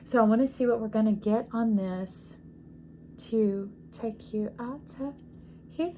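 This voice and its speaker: This woman's voice is on the high side and warm, paced in a measured way, with slight background noise. In her casual spiritual reading to camera she offers intuitive tarot insights, effusive and preachy, often checking in with the viewer.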